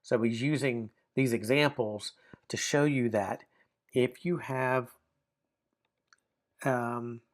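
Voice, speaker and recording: A man's voice: medium pitch, slow, pauses often. A man teaching a grammar lesson, explaining step by step with frequent fillers and restarts. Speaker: Bible language teacher. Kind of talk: classroom grammar lecture.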